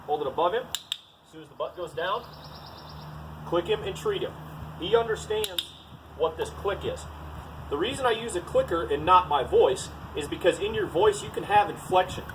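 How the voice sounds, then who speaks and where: A man's voice: sits high, very animated, normal speed, far from the mic, noisy background. Plain-spoken male dog trainer outdoors. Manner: plain, to-the-point, says "all right" often. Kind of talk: casual outdoor training demo.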